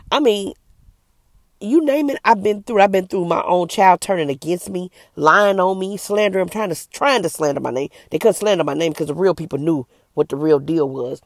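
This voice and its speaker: A middle-aged woman speaks to camera as an evangelist, earnest and emphatic in a preachy testimony. Her voice is gravelly with a rough edge. It is recorded dry and close, with no room sound. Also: lowish voice, a little mellow, no echo.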